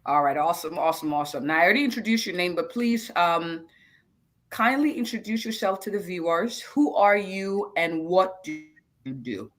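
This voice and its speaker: Upbeat doctor-host, mid pitch, repeats phrases for emphasis, live web chat. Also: lively intonation, moderate pace, a bit bright. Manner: enthusiastic, repeats words. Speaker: physician hosting a live web show. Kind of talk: upbeat interview hosting.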